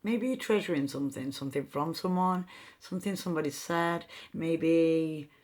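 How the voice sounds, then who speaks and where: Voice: mid-range voice, normal speed, a little mellow. A rune reader giving a meandering, free-associating reading with chatty asides. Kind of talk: slow intuitive card-style reading.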